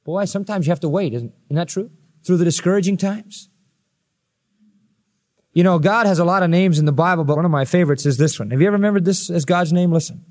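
A man preaching a sermon, slowing right down to read scripture and swinging his voice up high to stress a point. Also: a little mellow.

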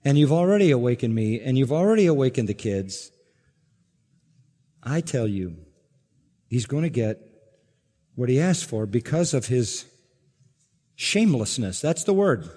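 Emphatic preacher with hall reverb. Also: male voice, expressive, unhurried, long pauses. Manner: emphatic, rising to loud exclaims and dropping low; asks the congregation questions. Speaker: pastor. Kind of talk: expository sermon.

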